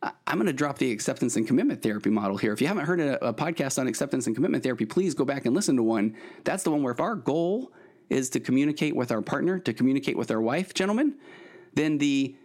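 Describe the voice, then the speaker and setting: A middle-aged therapist hosts his solo podcast, offering earnest advice in a rambling monologue full of restarts. His medium-pitched voice is expressive and a little mellow, and he talks fast.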